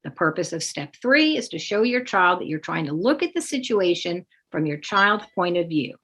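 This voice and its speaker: A woman teaching parents, explaining steps calmly and acting out sample phrases with lively emphasis. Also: fairly low pitch, moderate pace, husky. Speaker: parenting educator. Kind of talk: instructional talk with demonstrations.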